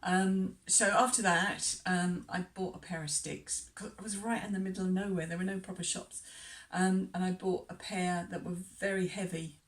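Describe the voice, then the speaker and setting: A woman's voice: lowish voice, fairly even intonation, moderate pace. A woman travel vlogger talking casually to camera, hesitant with many ums and chatty asides. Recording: distant mic.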